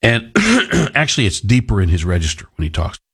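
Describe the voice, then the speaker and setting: Man, talk radio host, rambling storyteller, lowish husky voice. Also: lively intonation, fairly quick, a bit bright. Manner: rambling, self-deprecating storytelling. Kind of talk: casual talk radio monologue.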